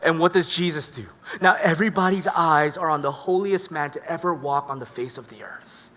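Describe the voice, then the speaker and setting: A man preaching a sermon as a pastor, telling stories in an animated, dramatic way. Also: a little high, fairly quick. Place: church hall. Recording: echoey church hall.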